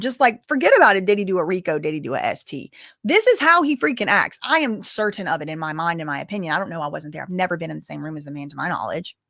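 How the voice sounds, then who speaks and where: A woman's voice: fairly low pitch, a bit bright, no echo, clean studio sound. A woman hosting a live news commentary stream, reading updates and adding casual, rambling asides.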